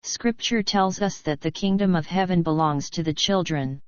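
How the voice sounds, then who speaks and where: A woman's voice: lowish voice, normal speed, clean tone, no room sound, natural voice. A woman voicing a pious male cobbler who pleads and quotes Scripture, in a dry, slightly dull recording. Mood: reproachful. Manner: pleading, preachy.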